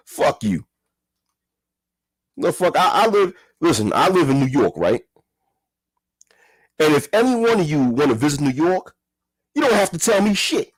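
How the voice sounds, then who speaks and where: A man's voice: high voice, big pitch swings, moderate pace, pauses often, husky, no echo. A man giving a heated, profane commentary rant, repeating himself and firing rhetorical questions. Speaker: commentary vlogger. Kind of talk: ranting commentary.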